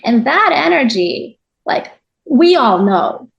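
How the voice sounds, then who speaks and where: Woman guest on a podcast, kinda high voice, reflective and lively storytelling. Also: slow pace, vocal fry, highs cut off. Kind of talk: conversational interview.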